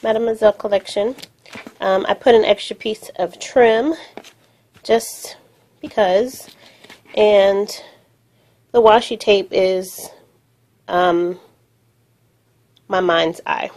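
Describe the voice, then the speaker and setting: A woman shows off her handmade crafts at home while filming on her phone. She talks at an unhurried pace in a medium voice, pausing often with fillers as she thinks aloud. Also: medium pitch, steady tone, darkish tone. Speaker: crafting vlogger. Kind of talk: casual show-and-tell narration. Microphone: phone camera.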